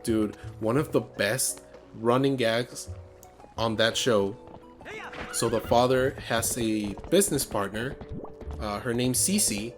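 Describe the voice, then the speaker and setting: A man's voice: medium pitch, slow, soft background music. A man co-hosting a podcast, chatting casually and rambling with lots of fillers. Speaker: podcast co-host. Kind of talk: casual chat.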